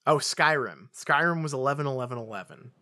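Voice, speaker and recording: A man at a moderate, everyday pitch, hosting a casual podcast chat. He talks in an amused way and often stops and restarts his sentences. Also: animated, brisk, sharp tone. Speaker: podcast host.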